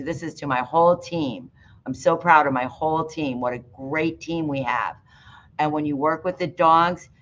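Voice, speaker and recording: A woman dog groomer giving a chatty, rambling live-streamed talk on pet care, with many fillers. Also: a bit bright. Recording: muffled live stream with faint rumble.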